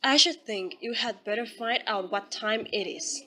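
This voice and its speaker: A woman voicing a gentle, fussy middle-aged mother in an audiobook, speaking mildly and hesitantly. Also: a little high, normal speed.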